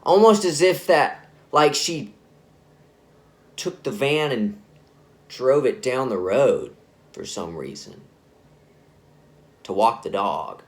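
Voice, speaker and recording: A man's voice: medium pitch, very animated, takes it slowly, pauses often. Casual rambling male storyteller. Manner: casual, rambling, self-correcting. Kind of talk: spoken scary story narration.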